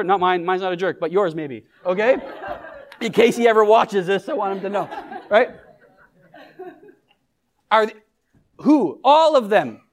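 A pastor with a notably high voice delivers a casual, conversational sermon. He keeps turning to the congregation with questions and light jokes, as if chatting with them. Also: lively intonation, measured pace, pauses often. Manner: engages the congregation with questions and humor.

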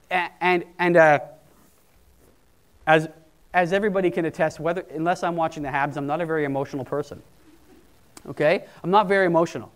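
A man preaching a sermon in a conversational, emphatic way. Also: a little high. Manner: conversational, emphatic, quoting people in put-on voices. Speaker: pastor.

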